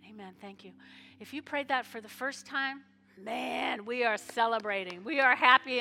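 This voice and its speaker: A woman's voice: sits high, moderate pace. A woman pastor, giving a folksy altar call and leading the congregation in prayer. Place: church sanctuary. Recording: live church sanctuary with long reverb and soft music.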